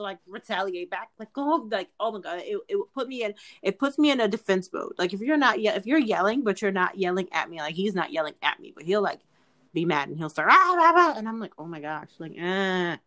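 A young woman co-hosting a casual podcast, speaking in an earnest, pleading way. She circles back and repeats words as she pushes her point, and her voice sits at a middling pitch for a woman. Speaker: podcast co-host. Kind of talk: casual chat.

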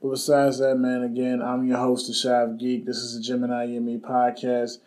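Blunt young man, mellow solo podcast talk. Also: medium pitch, monotone, moderate pace, poor audio. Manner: casual, blunt, swears freely, many fillers. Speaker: podcast host.

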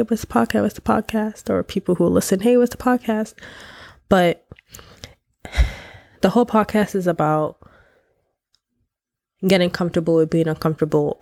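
A woman's voice: lowish voice, creaky, a little mellow, dry recording. A young woman from Nigeria hosting her own podcast, chatting casually and candidly with slang and laughter, her voice nasal and congested. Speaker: podcast host. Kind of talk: casual solo podcast chat.

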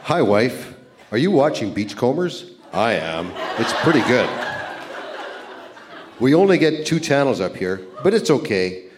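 A man's voice: medium pitch, big pitch swings, unhurried, background noise. A man in his sixties from Canada reading his old love letters aloud on a live stage, playful and chuckling at himself. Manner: playful, self-mocking, chuckling at his own lines. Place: live event centre stage.

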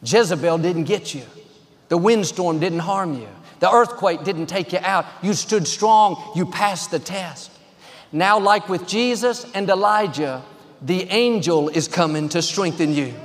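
Pastor, man, high voice, upbeat sermon cadence, reverberant hall. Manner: encouraging, declarative preaching in short rhythmic phrases.

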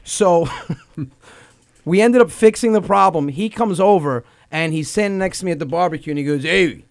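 A man hosting a comedy radio show, telling a story in an animated way, swearing freely and jumping into voices. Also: high-pitched, normal speed, gravelly. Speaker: comedian host.

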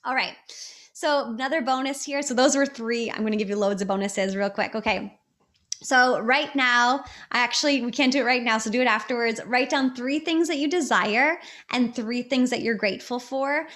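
A woman's voice: on the high side, normal speed, fairly bright tone. A woman hosting a podcast, giving upbeat motivational advice in a chatty way, with many fillers and restarts. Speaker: podcast host. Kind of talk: casual motivational talk.

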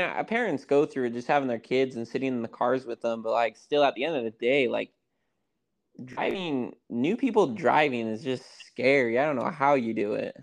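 A man co-hosts a casual podcast and keeps things moving between topics. His talk is easygoing and full of fillers like "like." His voice sits at an ordinary middle pitch. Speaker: podcast co-host.

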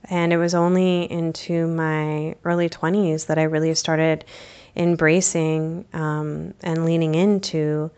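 A woman's voice: low voice, vocal fry. A young adult woman from the United States, hosting a podcast and telling a personal story in a reflective, candid way with casual fillers. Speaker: podcast host.

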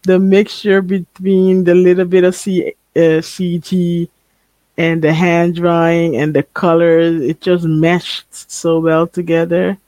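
Male podcast co-host, high and unhurried, casual slangy chat full of laughs, dry recording. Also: completely flat delivery, darkish tone, dry recording. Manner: laid-back slang, laughs often. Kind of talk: casual chat about an anime.

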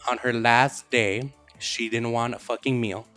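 A man in the host's chair, telling the story loosely and crudely with plenty of swearing. He slips into quick, animated impressions of the people he quotes, at an average pitch with faint music underneath. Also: dry recording. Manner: profane, animated retelling with quoted voices. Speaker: podcast host. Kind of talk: casual storytelling chat.

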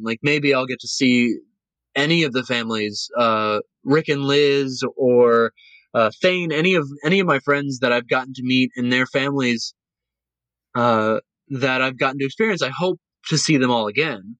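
Emotional, animated man telling a story. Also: mid-range voice, normal speed, no room sound, low-quality recording. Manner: animated, emotional, acts out quoted voices. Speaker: guest, cruise line cast member. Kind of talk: casual podcast storytelling.

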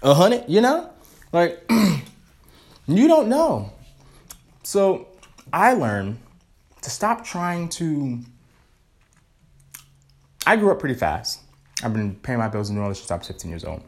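A man hosting a casual solo podcast, rambling and swearing freely, now and then eating while he talks and jumping into high playful tones. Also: wildly swooping pitch, slow pace, long pauses. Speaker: podcast host.

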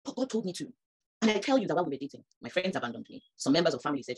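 Lady preaching super fast, husky low-ish voice, builds up loud. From Nigeria. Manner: animated, rising to emphatic peaks. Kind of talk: sermon.

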